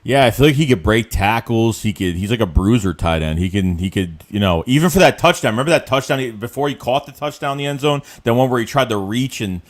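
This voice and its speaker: A man hosting a sports podcast livestream, chatty and animated, talking with his co-host and reading viewer comments aloud. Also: mid-range voice, fast, few pauses. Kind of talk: casual sports chat livestream.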